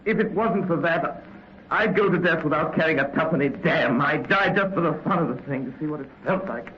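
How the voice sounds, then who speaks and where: An actor playing an impulsive young poet with a theatrical, clipped delivery, in 1930s radio drama style. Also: male voice, fairly high pitch, fairly quick, slight background noise, natural voice. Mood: wistful. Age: young adult. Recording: muffled, echoey 1930s radio broadcast.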